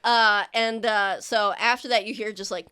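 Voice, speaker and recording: A woman's voice: mid-range voice, fairly even intonation, normal speed, bright, forceful tone, clean tone. Woman game master, rambling, giggly narration. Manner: rambling, filler-heavy, giggly.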